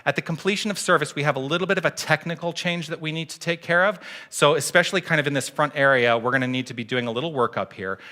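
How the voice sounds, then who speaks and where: A male minister giving church announcements, relaxed and a little tongue-tied, with frequent fillers. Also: mid-range voice. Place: church sanctuary.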